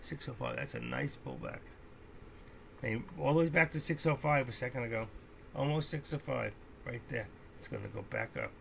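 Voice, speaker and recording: A man giving casual, rambling live-stream commentary on stock trades, joking and breaking into excitable outbursts. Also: medium pitch, moderate pace, gravelly, a little hiss or hum. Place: indoors at home, seated.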